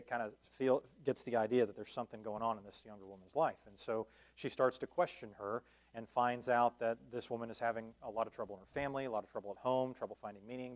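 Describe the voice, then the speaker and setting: A man leading a church Bible study, talking it through conversationally with fillers and restarts and checking in with his listeners. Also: on the low side. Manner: checks in with listeners with a questioning "right?". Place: church meeting room.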